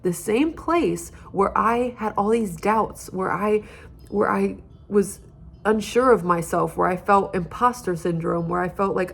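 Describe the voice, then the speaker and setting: A young woman tells a personal testimony in an earnest, heartfelt way. Her voice sits at a middle pitch with a gravelly, fry-tinged edge. She speaks as a student leader of a campus ministry. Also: normal speed.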